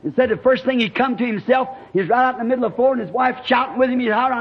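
A man preaching a revival sermon, telling a folksy story in plain rural speech and building to shouting climaxes. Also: very high voice, very fast, few pauses. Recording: dull lo-fi archival tape with faint hiss.

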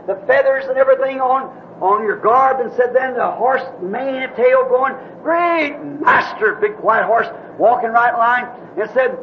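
A man with a very high voice preaches, retelling a story in a folksy, rambling way. The sound is dull and muffled like an old tape, with a faint hiss underneath. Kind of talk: sermon storytelling.

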